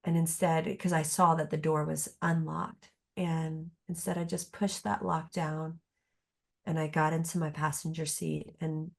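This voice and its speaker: A woman's voice: deep voice, level tone, measured pace, creaky. A middle-aged woman therapist speaking as a podcast guest, reflective and earnest, often restarting her sentences. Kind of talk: podcast conversation.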